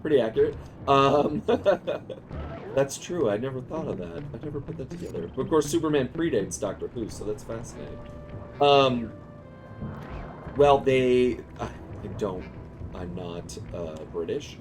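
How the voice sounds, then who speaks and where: A man's voice: medium pitch, lively intonation, unhurried. A man who voices game characters chats casually and in a rambling way while streaming a game, and he laughs often. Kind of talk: casual chat while gaming. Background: game music.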